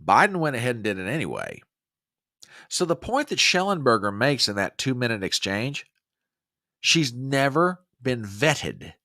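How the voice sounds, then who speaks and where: A man hosting a political talk show, delivering opinionated commentary with a lively, swinging pitch. His voice is forceful and pressed, and he talks emphatically, often restarting sentences. The recording is dry and close, with no room sound. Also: measured pace, dry recording. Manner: emphatic and animated, with frequent restarts. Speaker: host of a conservative political podcast.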